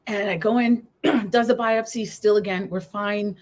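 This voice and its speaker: A woman's voice: fairly high pitch, steady tone, normal speed, a little mellow. A woman guest in a live interview, telling a personal story in an earnest, candid way and acting out past conversations. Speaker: guest, breast cancer survivor and coach.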